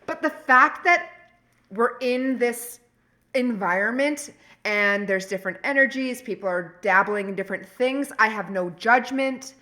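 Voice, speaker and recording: A woman co-hosting a podcast, chatting casually and telling animated, rambling stories full of restarts. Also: fairly high pitch, unhurried. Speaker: podcast co-host. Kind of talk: casual chat.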